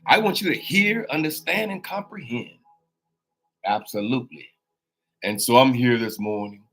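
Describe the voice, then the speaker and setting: A man giving a folksy, preachy motivational talk as a life coach, husky-voiced and drawn out. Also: medium pitch, normal speed, a bit bright, soft background music. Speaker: life coach and show host. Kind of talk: casual motivational monologue.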